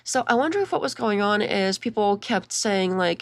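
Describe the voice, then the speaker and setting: A woman's voice: medium pitch, lively intonation, moderate pace, hardly any pauses, no room sound. A young woman hosting a casual commentary video, chatty and mocking, talking over clips with lots of "like" and restarts.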